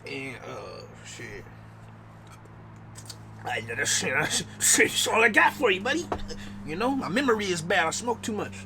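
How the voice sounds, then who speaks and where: A man reacting to a comedy clip, talking in a slangy, excitable way. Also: high voice, a little slow, vocal fry, pauses often, noisy background. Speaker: reaction video host. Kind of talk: casual reaction commentary.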